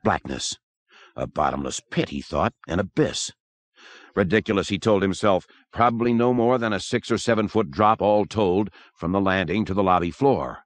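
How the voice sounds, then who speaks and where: A man narrating a horror audiobook in an expressive, dramatic manner. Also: sits low, moderate pace, no echo. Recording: dry close recording.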